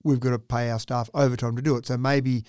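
A man, a council representative, explaining plans in a measured, thinking-aloud way during a radio interview. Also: mid-range voice, level tone, a little mellow, clean tone, no room sound, studio quality.

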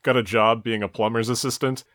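A man's voice: medium pitch, fairly even intonation, brisk, fairly bright tone, no room sound. A man co-hosting a podcast, walking through a cartoon episode beat by beat with dry, mocking asides. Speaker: podcast co-host. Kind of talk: casual recap of a cartoon episode.

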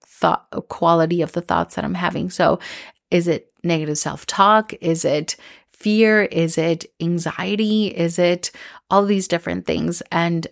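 Gravelly low-voiced woman telling a story. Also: steady tone, measured pace, no room sound, studio quality. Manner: candid, rambling, frequent "like" and restarts, swears. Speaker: podcast host. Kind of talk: casual personal storytelling.

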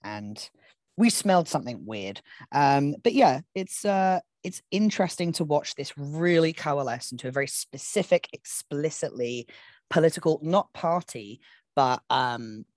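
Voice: mid-range voice, lively intonation, unhurried, a little mellow, no room sound. A podcast co-host speaks in a mid-range voice, picking apart the topic in casual analytical chat. The sound is dry and close, with many ums and you-knows along the way.

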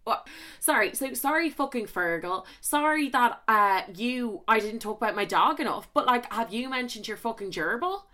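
A young Irish woman hosting a podcast, telling a story in a rambling, animated way full of swearing and asides, close on the mic. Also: on the high side, moderate pace. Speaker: podcast host. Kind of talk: casual storytelling chat. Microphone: close studio mic with popping.

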